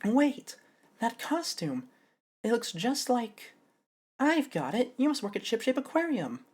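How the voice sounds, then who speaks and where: A man voicing an eager young woman lawyer excitedly working out who a visitor is. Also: high-pitched, fast, voice pushed up. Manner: excited, sharp, deductive.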